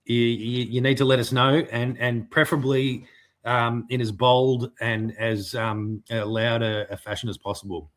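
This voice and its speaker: A man co-hosts a pop culture podcast in an easygoing chat. He stops and restarts often, playing up mock outrage over small gripes, with his voice sitting at an ordinary middle pitch. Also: level tone, moderate pace, a bit bright. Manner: mock-indignant, hesitant with many fillers. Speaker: podcast co-host. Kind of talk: casual chat.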